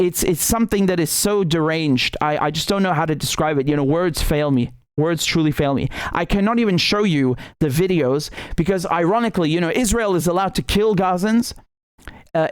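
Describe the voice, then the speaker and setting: Indignant male commentator, slightly high voice, dry close mic, sarcastic, stammering. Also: smooth, no echo. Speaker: independent journalist and show host. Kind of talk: impassioned political commentary monologue.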